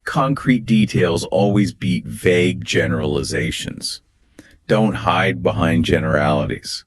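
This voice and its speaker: A man with a very deep, husky voice co-hosts a scripted English exam lesson. He explains phrases and pronunciation emphatically. The sound is close and dry. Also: a little slow, no room sound. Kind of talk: scripted two-host lesson dialogue.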